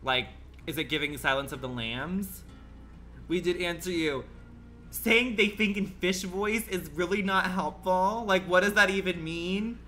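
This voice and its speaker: A man's voice: high voice, measured pace, pushed and bright, soft background music. A man livestreaming a game, chatting with his viewers in a sassy, campy, profane way, full of rambling rhetorical questions. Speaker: gaming livestreamer. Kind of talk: casual stream chat.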